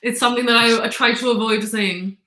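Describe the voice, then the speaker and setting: Fairly high-pitched and sharp, her voice holds a steady tone at a fairly quick pace in a reverberant space. This Gibraltar woman in her 20s is an upbeat interview guest in a casual chat, with plenty of "like" and "you know".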